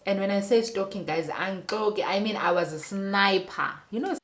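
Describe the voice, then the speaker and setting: A young South African woman with a medium-pitched voice speaks at a moderate pace in a casual vlog. She tells her viewers a personal story, emphatic and talking straight to them.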